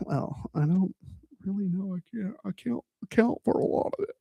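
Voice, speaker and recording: Male streamer, high voice, dry close sound, playful rambling chat. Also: lively intonation, moderate pace, gravelly, dark tone, breathy edge, dry recording. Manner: playful and rambling, jumping into silly bits. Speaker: livestream host. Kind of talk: casual livestream chat.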